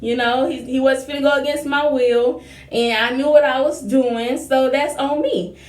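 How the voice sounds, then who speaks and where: A young woman casually telling a personal story to her viewers, animated and acting out the other people in it. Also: high voice, normal speed. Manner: lively storyteller, acts out quoted dialogue. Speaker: vlogger. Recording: roomy echo.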